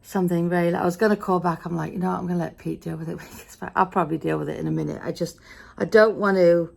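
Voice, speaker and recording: A woman's voice: on the low side, fairly even intonation, racing, creaky, darkish tone. A middle-aged British woman with an English accent, chatting casually in a day-in-the-life vlog, grumbling wryly about her day, tired and a bit frustrated. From Britain. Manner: chatty, grumbling storyteller with wry asides. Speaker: vlogger.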